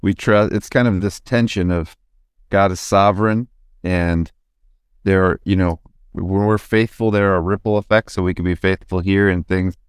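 Deep-voiced reflective male host. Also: fairly even intonation, clear, resonant tone, no echo, studio quality. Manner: reflective, thoughtful, halting restarts. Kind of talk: casual conversation.

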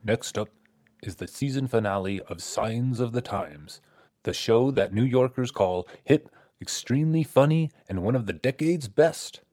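A man's voice: medium pitch, expressive, a little slow, warm tone, no room sound, studio quality. A man playing a male TV promo announcer with a salesy, upbeat announcer cadence. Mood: hyping.

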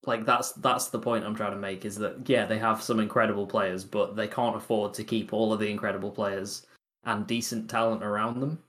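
A man's voice: fairly low pitch, little pitch movement, fairly quick, a bit bright. A man co-hosting a sports podcast, arguing his points casually with lots of "I think" and "like". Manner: reasoned, hedging with "like" and "I think". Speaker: podcast co-host.

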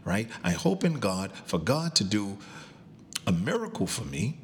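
Gravelly preaching pastor with a lively delivery. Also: male voice, on the low side, unhurried, slight background noise. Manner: preaching with call and response, rising to shouts and dropping to whispers. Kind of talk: sermon.

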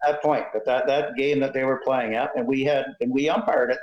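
An older Canadian man telling animated umpiring stories in an interview, laughing often and acting out voices. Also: mid-range voice, brisk, reverberant, lo-fi sound. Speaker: guest, retired umpire. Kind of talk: storytelling interview.

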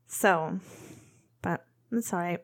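A young woman co-hosting a podcast, chatting quickly with lots of "like" before moving into true crime narration. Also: fairly low pitch, gravelly. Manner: quick, chatty, says "like" a lot. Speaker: podcast co-host.

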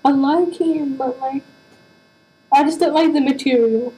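A woman's voice: high voice, unhurried, warm tone, rough recording. A young woman, a university student, chatting casually with a friend and teasing her, with lots of fillers. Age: young adult. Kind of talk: casual chat.

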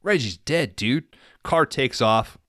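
A man's voice: mid-range voice, expressive, slow pace, bright, forceful tone, dry recording, clean studio sound. A man hosting a podcast, casually recapping a movie in a laid-back, profane storytelling way. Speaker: podcast host.

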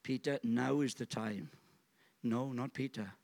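A man's voice: unhurried, gravelly, a little mellow. A man preaching a sermon in a church, acting out quotes dramatically and throwing in jokey asides. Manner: dramatic, acts out quotes with big pitch swings. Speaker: pastor.

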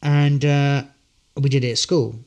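A man's voice: mid-range voice, fairly even intonation, unhurried, darkish tone. An actor, a man, telling good-humoured, rambling anecdotes as a guest in a casual interview.

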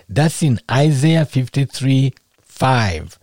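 A man preaching a sermon in a conversational, animated way, acting out little scenes as he goes. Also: on the high side, moderate pace, dry recording, studio quality.

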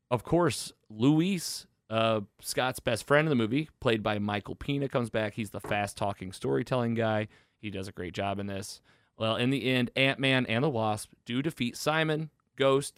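A man's voice: mid-range voice, fairly bright tone, smooth, no echo, studio quality. A man hosting a podcast, casually recapping a movie plot with enthusiasm and lots of fillers. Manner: enthusiastic, rambling with fillers and restarts. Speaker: podcast host reviewing a film.

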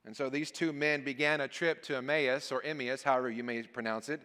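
A man's voice: medium pitch, fast, bright, forceful tone. A man preaching as a guest speaker, reading scripture aloud and then explaining it in an earnest, emphatic way. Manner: earnest, emphatic preaching with falling phrase endings. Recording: long church hall reverb.

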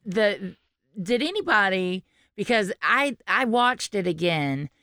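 A woman's voice: mid-range voice, animated, takes it slowly, sharp tone, no room sound, clean studio sound. A woman hosting a podcast in casual chat, rambling with restarts and frequent laughter. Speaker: podcast host.

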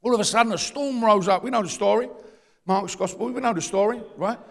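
A man from East London with a London accent, preaching a sermon with passion, shifting from shouting to low confiding talk and using street slang. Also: a little fast, gravelly. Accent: London English. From East London, England. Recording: long reverb of a large hall.

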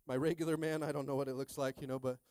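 A male pastor in his thirties preaching a sermon, calling out to the congregation and swinging from quiet asides to shouting. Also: medium pitch, little pitch movement, racing, no room sound.

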